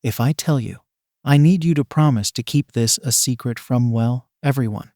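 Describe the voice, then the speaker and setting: A man reading the lines of an anxious, tearful young woman civilian in a level, even voice. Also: mid-range voice, moderate pace, dry recording, clean studio sound, natural voice.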